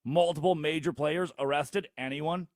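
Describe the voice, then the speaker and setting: A man hosting a sports talk show, delivering a theatrical monologue full of sarcastic rhetorical questions and big swings in loudness. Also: a little high, normal speed, dry recording, studio quality. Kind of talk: animated monologue.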